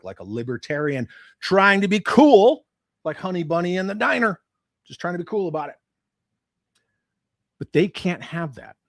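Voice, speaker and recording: A man's voice: mid-range voice, dry recording, clean studio sound. A man hosting a livestream, ranting with profanity and sarcasm about his hobby. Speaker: livestream host.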